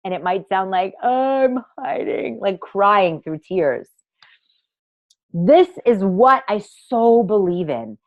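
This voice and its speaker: A woman's voice: mid-range voice, lively intonation, takes it slowly, no room sound, narrow, tinny audio. A woman hosting a live online masterclass for women, talking in a theatrical, emphatic, gushing way and swearing freely. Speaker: online workshop host and women's coach.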